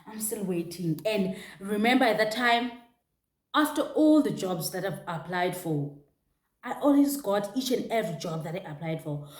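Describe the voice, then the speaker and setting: A young South African woman candidly telling a personal story, animated, with restarts and local exclamations. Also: mid-range voice, normal speed. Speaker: vlogger. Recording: echoey room.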